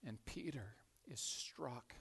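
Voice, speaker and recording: A man preaching a sermon, telling a story with animated swings from loud to hushed and frequent repeated words. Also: mid-range voice, slow, gravelly, husky. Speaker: pastor.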